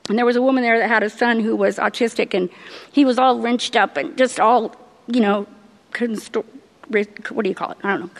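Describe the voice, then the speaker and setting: A middle-aged woman giving a personal faith testimony, earnest and halting, laughing often as she tells it. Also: on the high side, fairly even intonation, in a large hall. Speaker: church member giving testimony.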